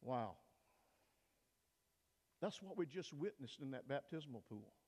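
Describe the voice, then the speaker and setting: An older man, a pastor, preaching an emphatic sermon in a church, swinging between loud peaks and hushed asides. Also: medium pitch, animated, a little slow, husky. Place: church sanctuary. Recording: long reverb of a church hall.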